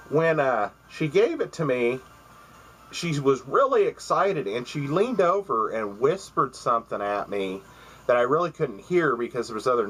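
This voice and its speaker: A man's voice: mid-range voice, fairly bright tone, low-quality recording. Rambling man chatting casually at home. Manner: rambling, with many fillers and restarts. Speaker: vlogger showing gifts. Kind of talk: casual chat. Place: at home by his computer.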